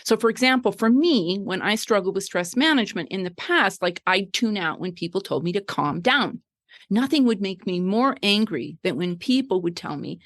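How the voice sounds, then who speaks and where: A woman's voice: mid-range voice, animated, normal speed. A middle-aged woman guest, a wellness coach, explaining ideas in a conversational way, full of fillers and "right?" tags.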